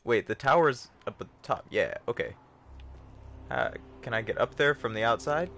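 A man's voice: medium pitch, lively intonation, normal speed, a bit bright. Joking male game streamer. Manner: joking, self-mocking, talks to chat. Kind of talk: casual gameplay commentary.

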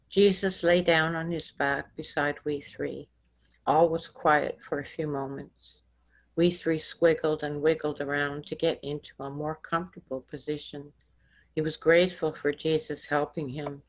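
A woman reads her own story aloud in a measured storybook manner. Her voice sits low and she takes it very slowly. The recording sounds dull and lo-fi. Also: fairly even intonation. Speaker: author reading her vision. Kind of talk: storybook reading.

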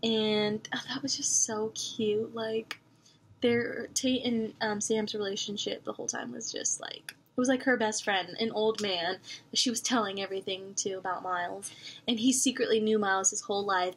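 Young female vlogger, chatty and animated, mid-range voice, casual book talk to camera. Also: medium pitch. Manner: chatty and expressive, lots of "like" fillers. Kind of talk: casual book review chat.

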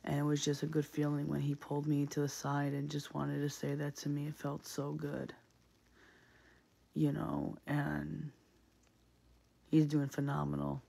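A man's voice: fairly high pitch, completely flat delivery, a little slow, vocal fry, pauses often, warm tone, husky. A man in a casual, reflective monologue, speaking earnestly and often repeating himself with many fillers.

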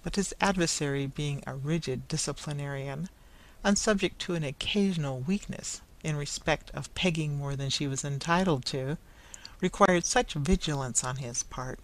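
A narrator reading a classic story aloud in a measured, even storybook manner. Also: medium pitch, poor audio.

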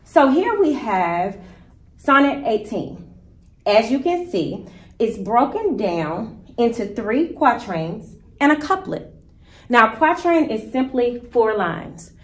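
A woman teacher giving a recorded virtual lesson, explaining step by step in a patient, deliberate way. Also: fairly high pitch, sing-song, roomy sound.

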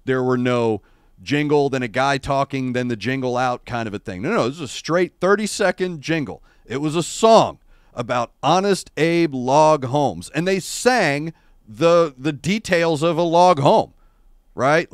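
A middle-aged man hosts a casual livestream, talking through rambling, wry stories with bursts of animation. His voice sits a touch high and comes through smooth and clear. The sound is dry and close. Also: expressive, moderate pace, dry recording. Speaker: show host. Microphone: adjustable streaming microphone.

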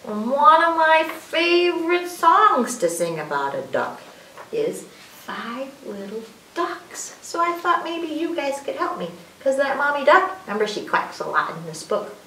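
A woman leading a children's story time, reading aloud in a sing-song, expressive way and coaxing the young listeners with questions. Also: high-pitched, unhurried. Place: library room. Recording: roomy, distant mic with faint hiss.

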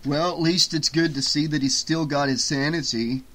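A man's voice: on the high side, steady tone, normal speed. A man doing a brash hot-tempered young guy. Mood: mocking. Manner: loud, blustering, mocking. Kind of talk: audiobook character voice.

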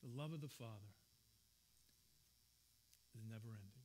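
A man's voice: on the low side, normal speed, a little mellow, slight background noise. A man preaching a sermon as pastor, earnest and personal, telling stories from his own life in a church. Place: church sanctuary.

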